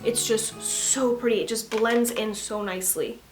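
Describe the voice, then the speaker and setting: Young woman beauty vlogger, fairly high voice, chatty and giggly, faint music underneath. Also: measured pace. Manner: animated storytelling, casual and giggly. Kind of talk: chatty makeup tutorial.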